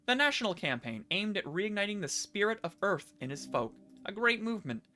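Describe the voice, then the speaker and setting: A man's voice: sits high, sing-song, fairly quick, sharp tone, voice pushed up, heavily acted. A man reading a lecturing, scheming magistrate. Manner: smooth, lecturing, pressing. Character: scheming male city magistrate, imperious, tired. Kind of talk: reading game dialogue aloud.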